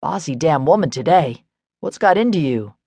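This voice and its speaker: A woman narrator voicing an irritated, embarrassed adult man who talks gruffly in an audiobook. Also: low voice, expressive, normal speed, dark tone, no echo, heavily acted. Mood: wary.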